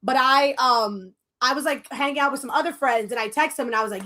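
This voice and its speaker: A woman's voice: sits high, fairly quick, few pauses. A woman co-hosting a podcast, telling a story in casual chat and switching between English and Spanish mid-sentence. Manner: animated storyteller who acts out quoted lines. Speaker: podcast co-host.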